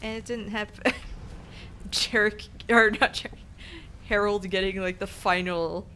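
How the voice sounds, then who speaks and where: A woman's voice: medium pitch, fairly even intonation, a little slow, sharp tone, a little hiss or hum. A young adult woman streaming a game, chatting casually in a rambling, self-conscious, giggly way. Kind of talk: casual gaming stream chat.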